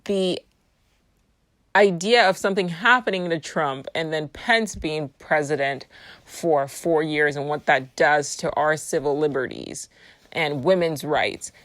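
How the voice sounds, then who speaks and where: Low-voiced woman rambling casually, dry sound. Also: unhurried, a bit bright, no room sound. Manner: rambling, laughing, swears freely. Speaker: vlogger. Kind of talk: casual personal monologue.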